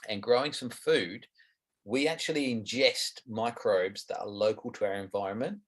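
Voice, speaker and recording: A man's voice: lowish voice, moderate pace. A middle-aged Australian man answering interview questions about gardening, frank and explanatory. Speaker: guest gardening expert.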